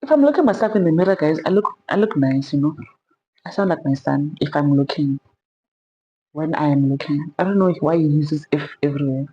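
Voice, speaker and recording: A young South African woman telling a personal story in a sit-down vlog, animated and sprinkling in Zulu slang. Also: sits low, a little fast, highs cut off. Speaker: vlogger.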